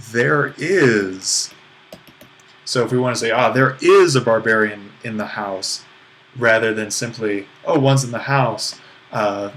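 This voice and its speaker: A man teaching a recorded Greek grammar lesson, explaining in a relaxed way with small laughs and self-corrections. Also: mid-range voice, a little hiss or hum.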